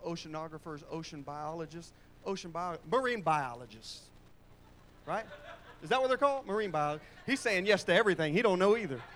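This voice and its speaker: A man preaching in a church with a bright, high voice, moving between laid-back storytelling and prodding call-and-response. He drops into colloquial phrasing and nudges the congregation to answer back, with faint room noise underneath. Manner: conversational, with Southern-style colloquial phrasing. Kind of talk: sermon.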